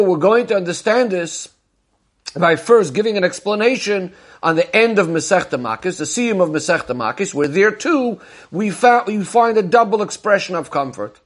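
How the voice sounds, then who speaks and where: A man with a high voice teaches a Talmudic discourse. He poses questions and answers them methodically, retelling each story step by step. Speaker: Torah teacher.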